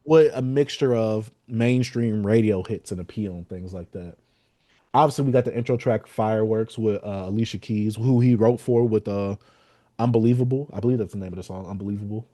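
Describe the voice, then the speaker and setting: A man's voice: on the low side, fairly quick, dry recording, studio quality. A man co-hosting a podcast, chatting casually about an album and acting out his reactions. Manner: animated, quotes lyrics and acts out reactions. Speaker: podcast co-host. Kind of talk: casual album review chat.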